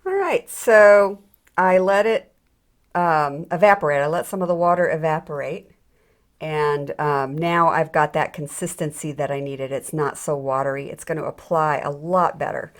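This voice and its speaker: Speaking at a normal speed in a low register, this middle-aged jewelry tutorial instructor walks through a hands-on demo. Her manner is conversational and self-deprecating, full of ums and restarts.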